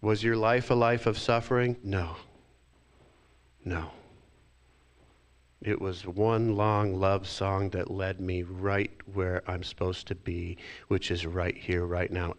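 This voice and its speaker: Slow, low-voiced male minister. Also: level tone. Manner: reflective, acts out inner voices with sighs. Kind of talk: sermon.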